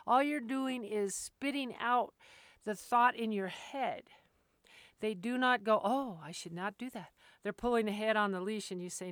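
Woman dog trainer, casual how-to talk, smooth clear tone, dry close sound, acts out quotes. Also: medium pitch, no room sound. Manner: plainspoken, acts out dog and owner voices, laughs often.

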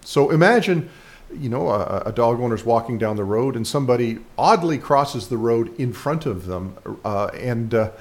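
A man's voice: mid-range voice, animated, normal speed. A man speaking as a dog trainer, giving casual instructional commentary with frequent fillers and restarts.

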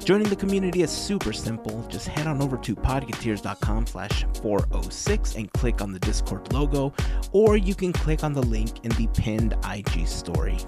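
A man's voice: medium pitch, normal speed. A man hosting a fan podcast, reading the intro with an upbeat, sing-song delivery over music. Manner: upbeat, animated, sing-song promo reads. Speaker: podcast co-host. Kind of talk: casual podcast chat.

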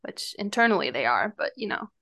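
A woman's voice: mid-range voice, very animated, brisk, a bit bright. A woman podcast co-host casually retelling a true-crime story with lots of fillers. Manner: retelling events with frequent fillers.

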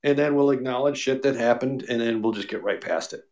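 A man's voice: mid-range voice, a little fast, a little mellow. A man co-hosting a casual podcast, joking and rambling with his co-host. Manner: joking, rambling, mock radio-DJ bits. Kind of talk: casual chat.

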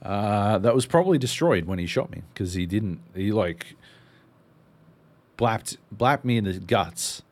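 A deep-voiced Australian man tells a rambling gaming story on a podcast. He talks casually, with plenty of filler words and swearing. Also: animated, unhurried, a little mellow. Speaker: podcast co-host.

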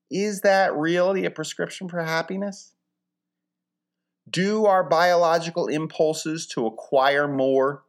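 A man from Philadelphia hosting a casual comic monologue, rambling with wry, dry humor and mock-grand wording. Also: on the high side.

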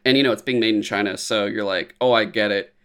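Animated man in casual chat. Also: on the low side, fast, clear, resonant tone. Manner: animated, profane, acts out quotes in silly voices.

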